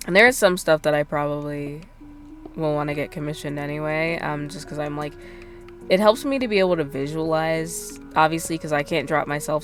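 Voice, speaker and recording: A woman streamer chatting casually while she plays, rambling with lots of fillers and self-deprecating asides. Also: low-pitched. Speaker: game streamer. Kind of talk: casual gameplay chat.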